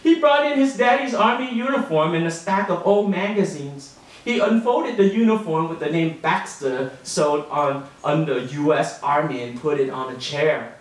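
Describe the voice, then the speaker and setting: Man reading a story from across a room. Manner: voices a boy narrator, lively with rising pitch in quoted lines. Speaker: author reading his fiction. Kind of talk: public reading of a short story. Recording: roomy and distant, heard from across the room.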